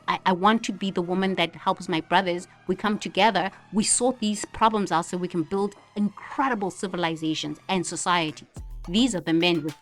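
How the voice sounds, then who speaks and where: Woman ranting on her vlog, laughs a lot, does little voices of people, some soft music underneath. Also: mid-range voice. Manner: animated, laughing, dramatic mimicry. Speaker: vlogger. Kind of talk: spiritual monologue vlog.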